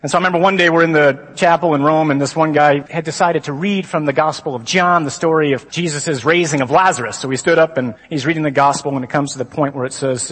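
Male priest, humorous sermon, lively storyteller, slightly raised voice, long hall reverb. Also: a little high, fast talker, hardly any pauses. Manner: lively storytelling, mock-dramatic asides. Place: large conference hall.

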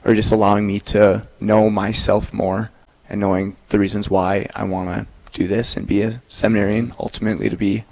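Relaxed young man, low voice. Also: fairly quick, gravelly, hardly any pauses, poor audio. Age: 20s. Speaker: seminarian guest. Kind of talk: casual interview chat.

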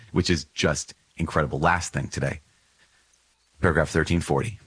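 A man's voice: very deep voice, steady tone, normal speed, pauses often, a bit bright, slightly rough, no echo. A man hosting a religious podcast, teaching with earnest enthusiasm and telling stories with many small digressions. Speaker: podcast host.

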